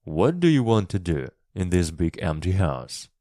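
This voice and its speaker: A man voicing a sad, distracted middle-aged uncle in a storybook reading, slow and kindly. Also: low-pitched, sing-song, mellow, no echo, clean studio sound. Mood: weary. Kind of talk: storybook reading for English learners.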